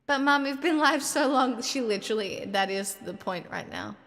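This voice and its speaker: A woman's voice: fairly high pitch, expressive, moderate pace, fairly bright tone, in a large hall. An Australian woman chatting on a live stream, swearing freely and firing off exasperated questions. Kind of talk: casual live-stream chat.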